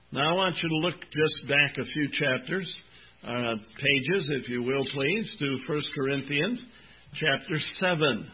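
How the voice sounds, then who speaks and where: Husky older man preaching, tinny sound. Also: on the high side. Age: 70s. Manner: earnest, folksy, slow deliberate emphasis. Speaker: pastor. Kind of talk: sermon. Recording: tinny phone-like recording.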